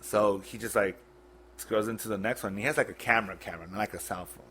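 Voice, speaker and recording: A man on a podcast, retelling a painful memory in a blunt, halting, profane way. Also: fairly low pitch, steady tone, sharp tone. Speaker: podcast guest. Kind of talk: casual storytelling.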